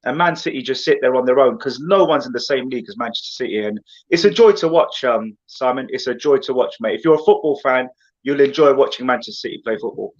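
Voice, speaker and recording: A man's voice: medium pitch, quick pace, lo-fi sound. A man, a guest on a casual football chat show, ranting with passion and calling everyone "mate". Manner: animated, passionate, rambling rants with lots of "mate".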